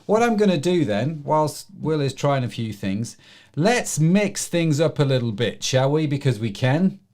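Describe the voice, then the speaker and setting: A man's voice: fairly high pitch, very animated, measured pace, darkish tone. A man hosting a church livestream, chatty and joking in a loose, casual way. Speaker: livestream host. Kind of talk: casual chat.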